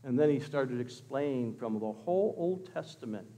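A pastor telling a story in a sermon, swinging from loud exclamations to hushed words. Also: male voice, mid-range voice, animated, moderate pace, in a large hall. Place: church.

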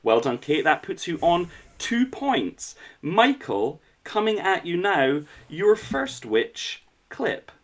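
A man's voice: high-pitched, slow, hardly any pauses. A man hosting a casual podcast quiz round, playful and chatty. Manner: playful, animated quizmaster. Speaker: quiz host.

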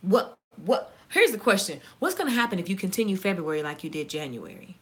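A woman with a Southern US accent, chatting casually and fast to her viewers, joking and reacting to their comments. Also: mid-range voice, very animated, a bit bright. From Southern United States. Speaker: YouTuber. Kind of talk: casual live-stream chat.

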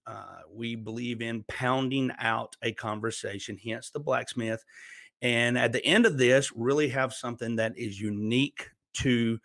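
A man's voice: medium pitch, fairly even intonation, measured pace, creaky, a bit bright, dry recording. A man in his forties from Alabama speaks with a Southern accent. He introduces himself plainly and earnestly over a video call. The sound is dry and close, with no room around it. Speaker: minister and podcast guest.

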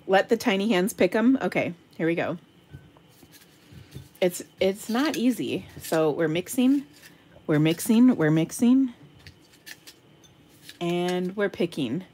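Middle-aged woman host, giggly and playful, slow unhurried delivery, livestream bingo caller. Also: lowish voice, expressive, darkish tone. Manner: giggly, playful, breaks into silly singing. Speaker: host of an online craft workshop game night. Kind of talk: casual live-stream chat calling bingo. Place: home craft room.

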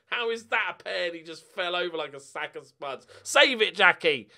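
A man giving casual commentary over a football management game, muttering and then bursting out in loud swearing. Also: high voice, very animated, moderate pace, gravelly, hardly any pauses. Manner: swears a lot, swings from mutters to angry outbursts. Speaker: gaming YouTuber.

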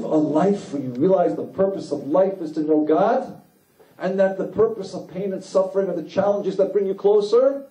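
A man giving a sermon as a rabbi, delivering it with impassioned emphasis and climbing pitch on key lines. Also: moderate pace, noisy background. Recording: echoey room, mic at a distance, faint background.

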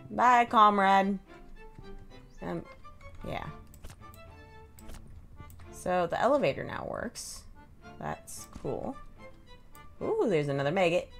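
A woman's voice: fairly low pitch, very animated, slow pace, vocal fry, long pauses, a little mellow, soft background music. A woman giving casual, chatty commentary while playing a video game, thinking aloud and laughing often. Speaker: gameplay streamer.

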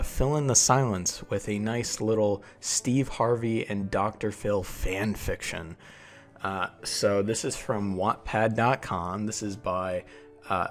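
A young man talking casually as a Minecraft YouTuber, relaxed and rambling, with frequent filler words over a time lapse. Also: fairly low pitch.

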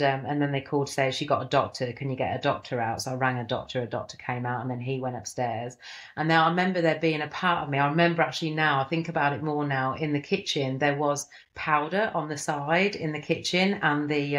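A middle-aged woman telling a personal story in a rambling, emotional way, with many fillers and restarts. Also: a bass voice. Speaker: guest.

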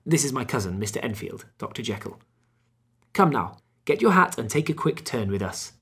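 A man voicing an urgent Victorian gentleman lawyer in a husky, raised voice. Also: medium pitch, big pitch swings, normal speed, full character voice. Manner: eager, raised voice.

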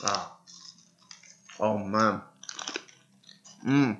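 A man's voice: on the low side, drawn-out words, fairly bright tone. A man hosting a let's-play, rambling in casual gameplay commentary and talking between mouthfuls of candy. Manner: rambling and self-amused, talks while munching candy. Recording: dull lo-fi with faint music.

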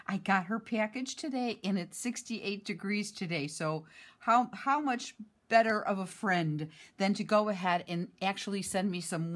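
A woman vlogging from home, chatty and excited as she talks through a package she received, with many fillers. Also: fairly low pitch. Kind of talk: casual chat, showing a mail package.

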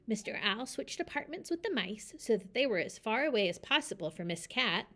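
A woman reading a children's picture book aloud with a lively, expressive delivery. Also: a little high, brisk. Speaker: storyteller. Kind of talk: children's story read-aloud.

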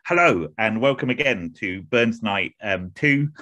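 A man's voice: fairly low pitch, expressive, unhurried, a bit bright, no echo. A man with an English accent hosting an online academic evening, introducing speakers in a hesitant, self-deprecating way over a video call. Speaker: host of an online academic event. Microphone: computer mic on a video call.

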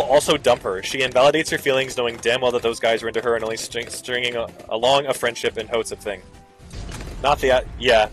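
A man casually commenting over a video game, ranting and sarcastic, swearing freely and jumping into squeaky high bits. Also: expressive, normal speed, pushed and bright, soft background music. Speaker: gaming video host.

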